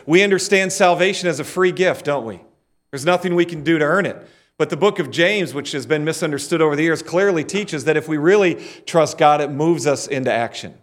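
A middle-aged man preaching a sermon and leading the congregation in call-and-response. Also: a little high. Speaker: pastor.

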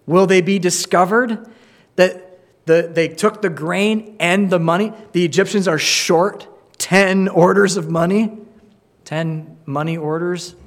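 A man with a high voice gives an earnest sermon as a pastor. He often restarts his words and slips into acted-out quoted voices while explaining scripture. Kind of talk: sermon with Bible reading.

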